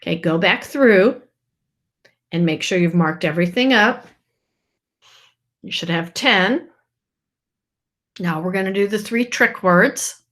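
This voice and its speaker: A woman teacher dictating a first grade spelling test, saying each word clearly and repeating it in a sample sentence. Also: medium pitch, slow, long pauses, fairly bright tone.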